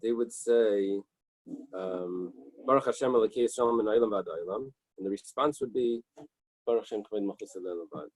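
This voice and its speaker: A man with a husky, somewhat low voice leads a daily Talmud class. He reads passages in Hebrew and Aramaic and then translates them in plain, unhurried explanation, often checking with "right?" The sound is dry and close, with little room echo. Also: a little mellow. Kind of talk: Talmud study lecture, reading and translating. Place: small synagogue study room.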